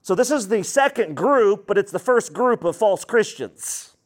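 High-voiced, emphatic preacher man. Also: lively intonation, a little slow. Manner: emphatic, dramatic, acts out quoted voices. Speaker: pastor. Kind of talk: sermon.

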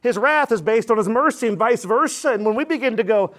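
A pastor with a high-pitched voice delivers a fervent, emphatic sermon in church. He drives his points hard and calls on the congregation to answer back. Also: fairly quick. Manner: energetic, emphatic preaching with call-and-response.

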